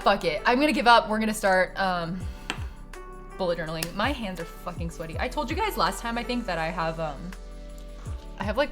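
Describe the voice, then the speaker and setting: A woman's voice: medium pitch, a bit bright. A young woman live-streaming from her desk at home, chatting casually with her viewers. She swears a lot and laughs often.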